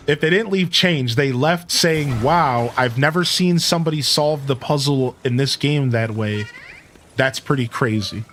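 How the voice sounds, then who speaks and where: A man streaming a game, giving casual commentary and telling stories, chatty and animated, full of "like" and "dude". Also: mid-range voice.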